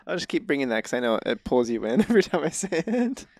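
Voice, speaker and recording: A man hosting a podcast, chatting casually in a relaxed, teasing way, often restarting his sentences. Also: mid-range voice, quick pace, no echo, studio quality. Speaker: podcast host. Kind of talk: casual chat.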